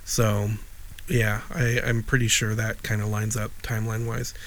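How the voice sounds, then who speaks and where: A man's voice: on the low side, little pitch movement, moderate pace, fairly bright tone, no echo. A middle-aged man from Illinois co-hosting a podcast, chatting casually and telling a rambling story full of restarts and dry asides. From Wheeling, Illinois, USA. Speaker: podcast co-host. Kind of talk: casual chat.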